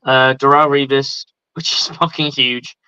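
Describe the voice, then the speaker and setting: An excitable man hosts a casual sports talk show, swearing and tripping over his own words. His voice is bright and pushy. The sound is dry and lo-fi. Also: medium pitch, normal speed, clear, resonant tone, dry recording. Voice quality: excitable and profane, many restarts. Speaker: host.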